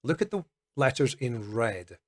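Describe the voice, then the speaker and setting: A man teaching English pronunciation, speaking slowly and carefully and demonstrating each sound. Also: medium pitch, very animated. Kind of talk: pronunciation lesson. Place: Colombia.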